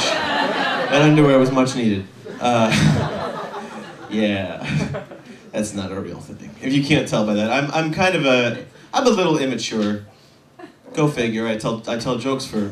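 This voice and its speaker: A man in his twenties doing a stand-up set, rambling and self-deprecating, often halting with fillers. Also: medium pitch, echoey room, far from the mic. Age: 20s. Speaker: stand-up comedian.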